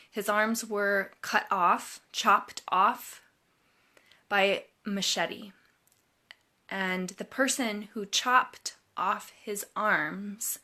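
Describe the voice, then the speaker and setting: A woman advisor giving an inspirational storytelling talk, deliberate and repeating words for emphasis. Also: mid-range voice, pushed and bright. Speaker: college advisor.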